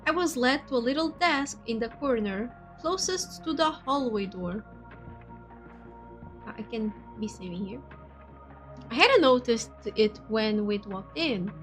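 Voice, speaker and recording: A woman's voice: on the high side, animated, measured pace, a bit bright, soft background music. A woman streamer, Portuguese her first language, reading a visual novel aloud and chatting with viewers in a chatty, giggly way. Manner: chatty, giggly, switches between reading and asides.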